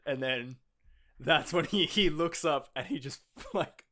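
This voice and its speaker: This is an excitable man co-hosting a podcast, with a voice pitched a touch higher than most men's. He laughs often and swears freely. He acts out the lines he retells. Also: a little slow. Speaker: podcast co-host. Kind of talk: casual chat.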